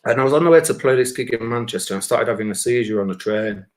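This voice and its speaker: A man's voice: mid-range voice, quick pace. Sweary man telling stories. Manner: blunt, sweary, animated storytelling with acted-out voices. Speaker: guest musician and comedian. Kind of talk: casual chat on a live stream.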